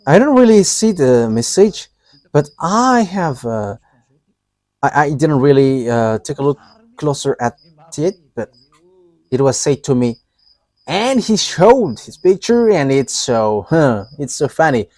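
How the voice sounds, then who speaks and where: Male preacher, fairly high voice, slow and halting, dry close sound. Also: big pitch swings, a little mellow, no room sound. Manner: halting, with frequent pauses and fillers; chuckles between statements. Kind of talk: live sermon.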